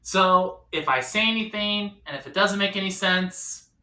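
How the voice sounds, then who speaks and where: A man doing an awkward, self-deprecating stand-up comedy set, dropping to quiet punchlines. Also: sits high, moderate pace, echoey room.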